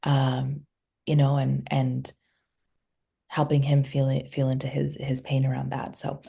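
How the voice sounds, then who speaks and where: A woman speaks as a podcast guest, a somatic healer recalling a couples session. Her voice sits low and warm with a gravelly, slightly husky edge. She retells the story conversationally and voices the people in it as she goes. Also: completely flat delivery, measured pace. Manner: recounts client sessions, acting out quoted dialogue.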